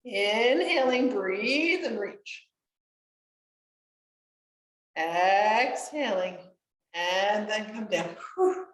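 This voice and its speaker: A medium-pitched woman with lively intonation and drawn-out words teaches guided chair yoga at a community class room. She's encouraging, chatty, and quick to laugh, heard from a far mic amid room echo.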